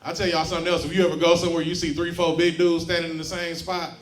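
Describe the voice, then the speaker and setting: A man with a slightly high voice works a comedy club crowd with brash, profane jokes, laughing along at his own lines. The stage mic catches a roomy, echoing space. Loud audience laughter fills the room around him. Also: level tone, racing. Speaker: stand-up comedian. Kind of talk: stand-up comedy set.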